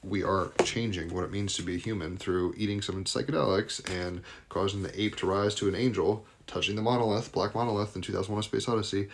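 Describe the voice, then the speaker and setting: Man, very low voice, tarot reader, live card reading, loose rambling enthusiasm. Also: slight background noise.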